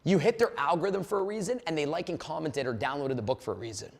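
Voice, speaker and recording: A man giving a motivational sales webinar as a trainer, energetic and profane, telling stories from his sales office. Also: on the high side, fast talker, gravelly, big-room sound.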